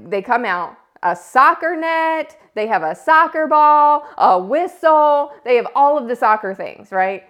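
A woman, hosting a casual podcast and telling family stories with lively, animated delivery. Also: a little high, dull audio. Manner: animated storytelling, acts out quotes loudly. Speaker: podcast host. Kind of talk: casual solo podcast talk.

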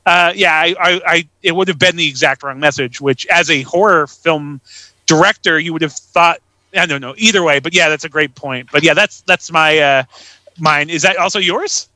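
A man's voice: on the high side, moderate pace, pushed and bright, dry recording, poor audio. A man co-hosting a podcast, chatting casually about films with lots of "like" and "uh" fillers. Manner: rambling, heavy with "like" and "uh" fillers. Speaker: podcast co-host. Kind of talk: casual chat.

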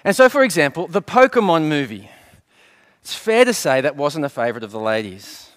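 Middle-aged man, pastor giving a sermon; expressive, rising and falling voice, light humour, fond of rhetorical questions. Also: on the high side, fairly quick. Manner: asks rhetorical questions and answers them; light storytelling with gentle humour.

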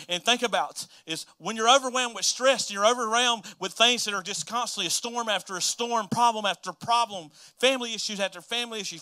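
High, bright-voiced preaching pastor. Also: male voice. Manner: swings between hushed, soft delivery and loud, emphatic preaching; repetitive, rhythmic preaching phrases. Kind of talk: sermon.

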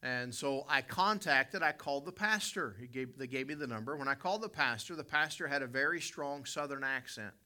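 A middle-aged American man from West Virginia preaching, his voice very bright and forceful. He speaks straight to the congregation and drifts into a rambling personal anecdote, stopping to fix his own words. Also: medium pitch, animated, a little fast, few pauses. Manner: storytelling, self-correcting, addresses congregation directly.

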